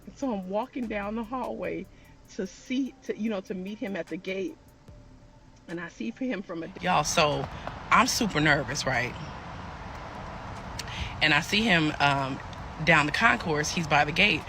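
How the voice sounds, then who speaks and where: A woman's voice: lowish voice, unhurried, long pauses, over music. A woman telling a personal story in a chatty storytime style, talking straight to her viewers. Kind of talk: casual storytime.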